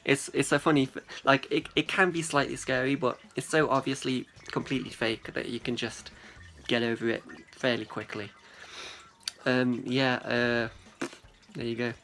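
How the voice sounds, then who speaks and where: Talking to a friend in a loose, rambling way, this young male vlogger swears freely and is quick to act out quotes. He has a mid-range voice with a slightly bright quality.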